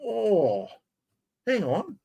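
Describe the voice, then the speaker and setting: An Australian livestream host with a fairly high, gravelly, husky voice chats directly to his viewers, rambling cheerfully and laughing at himself as he fumbles with software. His pitch swoops wildly and he talks extremely slowly, calling out to everyone watching.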